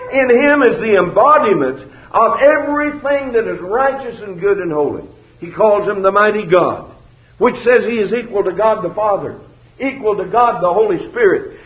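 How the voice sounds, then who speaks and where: A man delivers a sermon in a high-pitched voice, his formal cadence leaning on emphatic phrases and scripture. The sound carries the echo of a large room. The recording is a little dull. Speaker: preacher. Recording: roomy, slightly dull recording.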